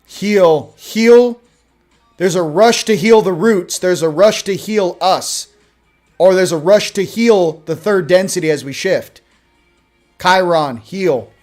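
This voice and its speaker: Male host, slightly higher voice, reads oracle cards casually with sarcastic jokes, faint music behind. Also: slow, a little mellow. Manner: joking, sarcastic asides. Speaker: host of a spiritual card-reading show. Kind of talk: casual oracle card reading.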